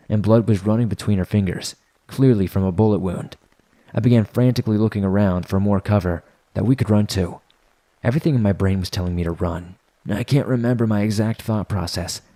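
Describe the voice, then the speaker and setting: A man with a low, dark, mellow voice narrates a first-person horror tale. His delivery is steady and measured, a practiced storyteller reading from a script.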